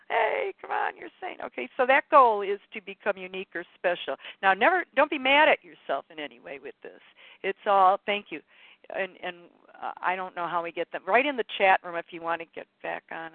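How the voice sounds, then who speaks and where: A woman with a lowish voice leads a live spiritual teaching session for callers on a group call, talking in a meandering, chatty way and often correcting herself. The audio is narrow and tinny, with no echo.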